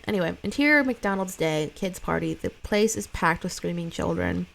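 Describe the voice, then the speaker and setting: A woman's voice: on the low side, vocal fry. A woman reading a screenplay aloud, stage directions and all, breaking off for blunt, sweary side comments. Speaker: script reader.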